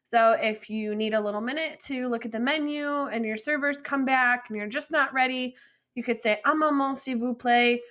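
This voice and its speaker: A young adult woman teaching French vocabulary in a patient, encouraging lesson, modeling pronunciation slowly and asking learners to repeat. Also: a little high, a bit bright. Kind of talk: slow, deliberate vocabulary lesson with repeat-after-me drills.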